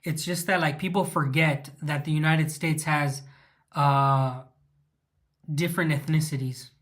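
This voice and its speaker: A man's voice: fairly high pitch, steady tone, a little slow, a bit bright. A man from Southern California with a Chicano English accent, hosting a casual livestream Q&A. He rambles, answers viewers' questions and stops to restart his sentences, with many ums. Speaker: livestream host. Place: living in Russia.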